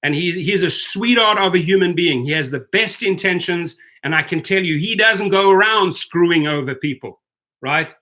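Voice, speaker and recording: A rideshare channel host reads through his livestream chat in a heated rant, stumbling and restarting his sentences. He speaks at a moderate pace in a high, sharp-toned voice.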